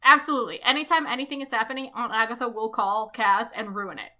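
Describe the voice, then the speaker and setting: A woman's voice: on the high side, quick pace. A woman co-hosting a podcast, chatting casually and jokingly with frequent swearing and an American accent. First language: English; also fluent in Russian. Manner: animated, swearing, jokey. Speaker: podcast co-host. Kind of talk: casual chat.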